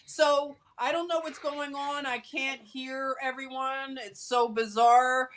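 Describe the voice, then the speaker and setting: A woman's voice: high-pitched, steady tone, slow pace, fairly bright tone, slight background noise. A woman hosting a casual livestream chat, thankful and eager to learn. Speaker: livestream host.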